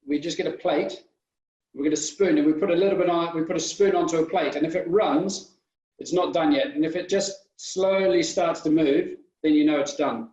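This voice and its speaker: A man chef explains a recipe patiently, one step at a time. His voice sits a little high. It comes across dull and roomy, picked up from some distance. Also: fairly even intonation, normal speed, darkish tone. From United Kingdom. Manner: instructive, step-by-step. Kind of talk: cooking demonstration. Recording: echoey room, distant mic, dull sound.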